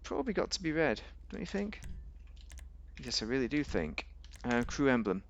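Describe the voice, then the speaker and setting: A man's voice: very animated, normal speed, slight background noise. A man giving casual, rambling, jokey commentary while playing a game, often talking to himself. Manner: rambling, chatty, jokey, talks to himself, sudden pitch jumps. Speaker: gaming video host.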